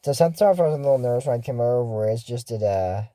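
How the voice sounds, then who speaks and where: A man's voice: medium pitch, animated, fast, warm tone, no room sound. A man giving a casual, jokey recap of a cartoon episode, rambling through asides and retellings.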